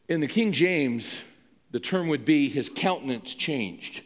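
A male pastor delivers a sermon through an emphatic, conversational story. His voice sits a little high for a man, and it rings with the long reverb of a large hall. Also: lively intonation, measured pace. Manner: emphatic, conversational, with frequent restarts.

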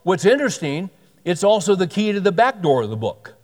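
A man's voice: high voice, very animated, a little fast. A man preaching a sermon in an earnest, conversational way, often repeating and restarting his phrases. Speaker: pastor. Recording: long hall reverb.

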